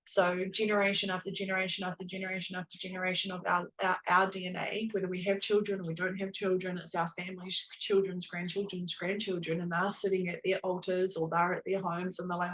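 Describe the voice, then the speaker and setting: A woman's voice: on the low side, little pitch movement, a little fast, hardly any pauses, rough recording. A woman hosting a spiritual podcast, telling a personal story in a casual, earnest way and filling her speech with "like.". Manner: chatty, heavy use of "like", earnest and emotional.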